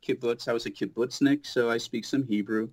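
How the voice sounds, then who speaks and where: A man's voice: medium pitch, fairly quick. A man, a voice actor and audiobook narrator, chatting casually as a guest and telling stories with lots of restarts. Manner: animated storyteller, many restarts. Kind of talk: casual interview chat. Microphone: home studio booth.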